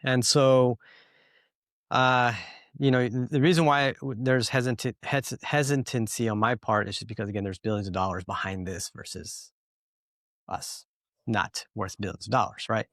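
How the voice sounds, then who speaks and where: A man's voice: mid-range voice, steady tone, normal speed, gravelly, a bit bright, dry recording, studio quality. A man hosting a podcast, telling a story in a rambling, casual way full of fillers. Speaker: podcast host.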